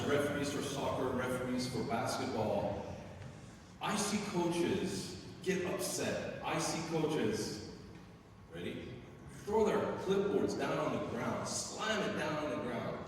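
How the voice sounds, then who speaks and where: A lively man with a slightly high voice tells coaching stories to a room of parents, and he slips into the voices of players and umpires as he goes. He is heard from far off in a big echoey hall with a long reverb tail, and a faint room hum sits underneath. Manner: animated storytelling, acting out quoted voices. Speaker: youth sports coach. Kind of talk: speaking to a group of parents.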